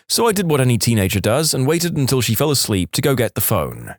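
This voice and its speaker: A man's voice: mid-range voice, quick pace, hardly any pauses, dry recording, studio quality. A man reading internet stories aloud as a podcast narrator, telling them expressively. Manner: expressive storytelling. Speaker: story narrator.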